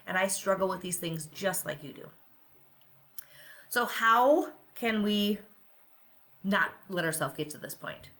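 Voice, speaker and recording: A woman's voice: mid-range voice, fairly bright tone. A middle-aged woman hosting a podcast and coaching, speaking candidly and confessionally and often checking in with "right?". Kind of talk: personal podcast monologue.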